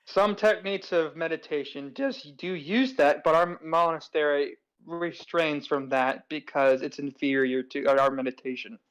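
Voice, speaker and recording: A man playing a tabletop game, speaking in a calm, measured and formal way as his character. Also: a little high, clean tone, low-quality recording. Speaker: player. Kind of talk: in-character tabletop role-play.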